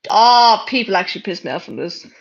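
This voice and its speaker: This young Irish streamer has a gravelly, medium-pitched voice, animated and a little fast. She casually reads out comments and fires back blunt answers laced with swearing and sarcasm, in dull lo-fi audio.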